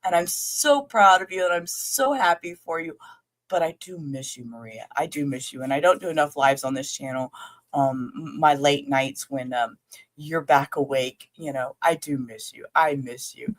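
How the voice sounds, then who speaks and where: Woman streamer, low and rambling. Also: moderate pace. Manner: rambling, chatty, talks straight to viewers, casual swearing. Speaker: livestream host reviewing a trial. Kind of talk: casual livestream commentary.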